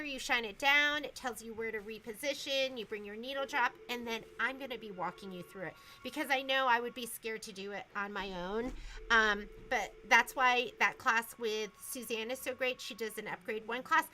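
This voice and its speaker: Bright-voiced chatty woman shop host. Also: fairly high pitch, normal speed, slight background noise, poor audio. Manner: chatty, enthusiastic about quilting features. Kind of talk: casual shop chat.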